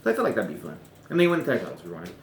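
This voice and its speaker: A man's voice: lowish voice, wildly swooping pitch, very fast. A man chatting casually about rebooking wrestling storylines, rambling and correcting himself with chuckling asides. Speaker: wrestling podcaster. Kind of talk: casual fantasy-booking chat. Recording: roomy echo.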